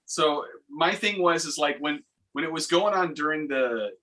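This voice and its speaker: A man's voice: on the high side, normal speed, bright, forceful tone, low-quality recording. A man chatting on a casual live stream, rambling loosely with lots of filler words and swearing.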